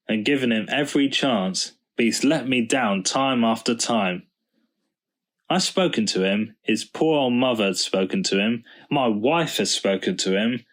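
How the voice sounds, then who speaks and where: A man doing a stern, grim gentleman. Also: fairly low pitch. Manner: grim, firm. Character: stern respectable middle-aged man.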